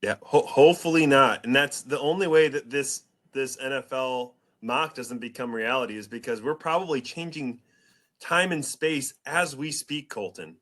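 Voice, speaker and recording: Excitable male sports podcast host. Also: medium pitch, moderate pace. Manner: excitable, hype-building, rambling. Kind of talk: casual sports podcast chat.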